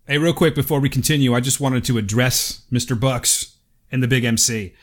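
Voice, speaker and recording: Brief: man, casual podcast co-host, mid-pitched, profane and easygoing. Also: a little fast. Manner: profane, laughs easily, rambling. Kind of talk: casual chat.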